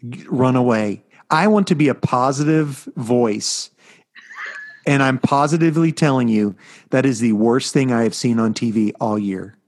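A middle-aged man co-hosting a casual chat podcast, telling stories in an animated, rambling way. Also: medium pitch, moderate pace. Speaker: podcast co-host.

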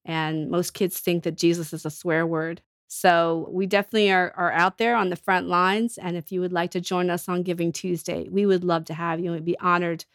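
A woman's voice: fairly low pitch, flat delivery, normal speed, few pauses, clear, resonant tone, no echo, clean studio sound. A woman with a cold, telling earnest stories as a ministry leader in a casual podcast chat. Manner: earnest storytelling with restarts. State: has a cold.

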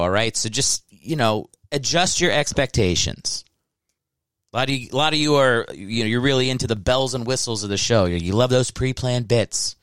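Rambling, joking man with a smooth voice. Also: mid-range voice, fairly bright tone, no echo, studio quality. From Ohio. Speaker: podcast host and stand-up comedian. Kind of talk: casual solo podcast monologue. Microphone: close microphone.

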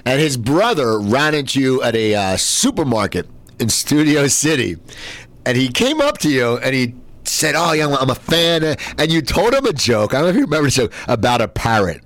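A man hosting a casual talk show, rambling and stammering as he tells stories with excitement. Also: mid-range voice, moderate pace, dry recording. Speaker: host. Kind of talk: casual chat.

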